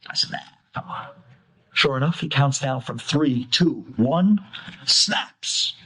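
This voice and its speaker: A man, a rabbi, telling a story to an audience in an animated way and acting out the characters as he goes. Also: mid-range voice, slow, husky, rough recording.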